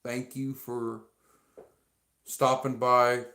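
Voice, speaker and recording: Guy rambling slowly on his home livestream, thanking fans over and over, roomy echo. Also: medium pitch, flat delivery, sharp tone. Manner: rambling and repetitive, full of fillers; earnest, heartfelt thanks to fans. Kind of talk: casual livestream chat to viewers. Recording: echoey room.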